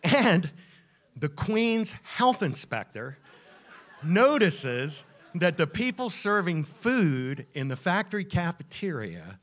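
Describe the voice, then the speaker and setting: A man performs a true story live on stage, animated and wry as he builds toward each punchline. His pitch sits a little above average for a man and swings widely as he talks. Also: takes it slowly. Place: music club stage.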